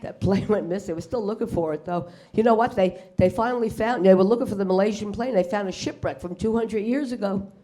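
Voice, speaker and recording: A woman's voice: mid-range voice, a little fast, warm tone. A middle-aged woman doing a stand-up set on a club stage. She swears freely and acts out the characters in her punchlines. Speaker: stand-up comedian. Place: comedy club stage before a live audience.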